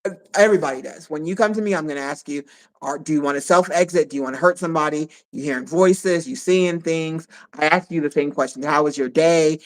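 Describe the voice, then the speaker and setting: A woman co-hosting a live stream in a casual chat, who speaks warmly and effusively and often repeats herself. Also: sits low, fast, low-quality recording.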